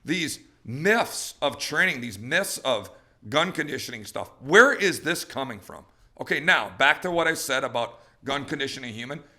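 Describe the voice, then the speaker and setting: A middle-aged man, a dog trainer hosting a podcast, ranting with fired-up energy and acting out dogs and people in quick voices. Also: medium pitch, lively intonation, sharp tone.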